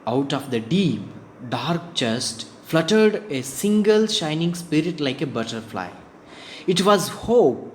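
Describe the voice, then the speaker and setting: Slow echoey Indian English teacher. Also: male voice, a little high, very animated. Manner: slow, halting explanation with frequent throat clearing and fillers. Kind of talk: reading a story aloud and explaining it to students. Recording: echoey room, faint background hum.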